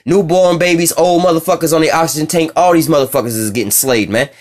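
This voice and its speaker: A man's voice: a little high, fast, darkish tone. A man preaching a fiery sermon, reading scripture aloud and breaking into coarse, profane asides while he keeps asking if you see what he's saying.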